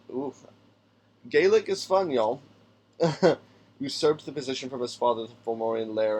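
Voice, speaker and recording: A man's voice: lowish voice, slight background noise. A man hosting a tabletop game podcast, thinking aloud as he builds a character and reads out rulebook passages, sometimes stumbling over names. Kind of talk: casual solo character-building talk.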